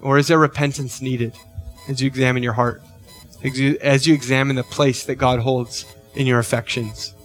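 A man's voice: medium pitch, flat delivery, normal speed, soft background music. A middle-aged man preaching a sermon as pastor, earnest, often checking in with "right?" and lifting his voice on key questions.

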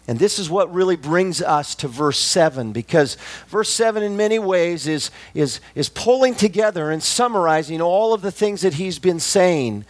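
Emphatic high-voiced male preacher, dry sound. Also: no echo. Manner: measured, emphatic repetition, slows for key phrases. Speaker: pastor. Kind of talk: sermon.

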